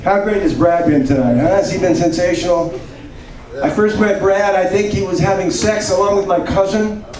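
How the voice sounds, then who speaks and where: A man's voice: high voice, fairly even intonation, normal speed. A man in his seventies doing a self-mocking, rambling stand-up set. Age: 70s. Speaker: stand-up comedian. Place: comedy club stage. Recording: echoey club, distant mic, audience. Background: crowd laughter.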